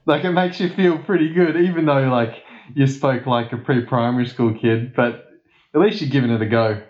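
A man's voice: medium pitch, moderate pace. An Australian man from Perth chatting as a guest, rambling and laughing often at himself. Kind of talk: casual chat. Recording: echoey, dull lo-fi sound.

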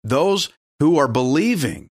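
A man's voice: on the high side, sing-song, a little slow, dry recording. Emphatic male preacher, dry close sound. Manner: urgent, emphatic, exhorting. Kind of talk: sermon.

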